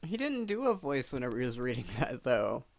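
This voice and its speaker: A man's voice: mid-range voice, sing-song, fairly quick, vocal fry. A man giving casual commentary, chatty and filling his talk with "like". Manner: chatty, fills with "like". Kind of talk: casual commentary over clips.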